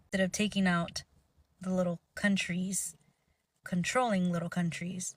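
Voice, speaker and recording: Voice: medium pitch, little pitch movement, measured pace, distant mic. A video creator musing aloud with rhetorical questions in a casual commentary.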